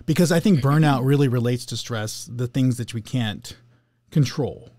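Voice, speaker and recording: A man in easy conversation, wandering through his thoughts with plenty of "you know" and restarts. His voice sits at an ordinary pitch, recorded close and dry with no room sound. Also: normal speed, warm tone, no room sound. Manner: rambling, with many fillers and restarts; acts out coworkers in little skits. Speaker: podcast co-host. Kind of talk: casual conversation on emotions.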